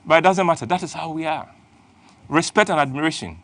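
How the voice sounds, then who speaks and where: A man's voice: on the high side, fairly quick, fairly bright tone. Emphatic male host. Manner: emphatic, storytelling, playful. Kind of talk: motivational talk.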